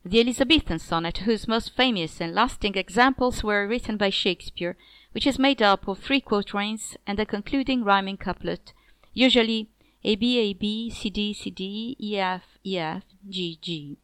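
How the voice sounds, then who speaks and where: Clear, smooth woman narrating a poetry lesson. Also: fairly bright tone, no room sound. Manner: measured, clear, drops pitch at line ends. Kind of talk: scripted educational narration.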